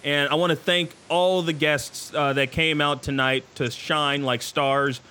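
A man hosting a casual live podcast from a studio, excitable and joking, often stumbling and restarting his sentences. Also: fairly high pitch, unhurried, clean tone. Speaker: podcast host. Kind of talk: casual live show chat.

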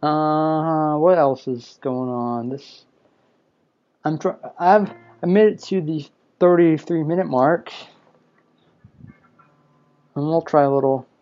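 A man's voice: on the high side, slow pace, long pauses, darkish tone, faint music behind. A man hosting a casual solo live podcast, rambling and self-deprecating, a little sleepy. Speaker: podcast host. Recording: lo-fi dull audio.

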